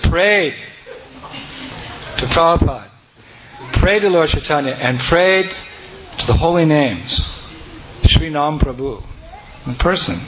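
A man telling a personal devotional story to an audience, animated and breaking into chanting and joyful shouts. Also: mid-range voice, moderate pace. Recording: noisy recording.

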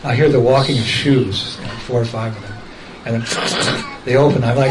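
A man telling a personal story in a casual, lively way, laughing as he goes and acting out other people's voices. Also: medium pitch, a little fast, heavy background noise. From United States.

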